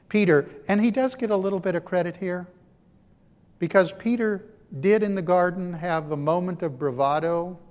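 Man preaching a dramatic sermon in a reverberant hall. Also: on the high side. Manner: dramatic, swings between loud emphasis and hushed lines. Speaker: pastor.

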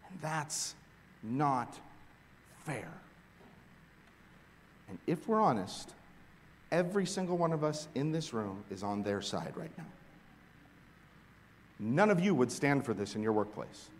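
A man's voice: medium pitch, slow, pauses often, a little hiss or hum. Preaching man in an echoing hall. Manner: animated preaching, swinging from hushed to emphatic. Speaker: pastor. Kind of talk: sermon. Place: large hall with long reverb. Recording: echoey hall recording.

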